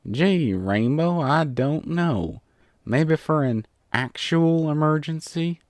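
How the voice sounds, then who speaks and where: A man's voice: medium pitch, sing-song, unhurried, darkish tone, no room sound, clean studio sound. A man voicing a blunt, sleepy country mare with a put-on Southern drawl, grumbling dryly in a storybook reading. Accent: American Southern (put on). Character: blunt sleepy country female earth pony.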